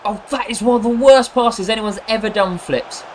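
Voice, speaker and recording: A man's voice: high voice, normal speed, slight background noise. A man joking and grumbling his way through casual football game commentary. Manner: sarcastic and jokey, with bursts of frustration. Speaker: gaming commentator.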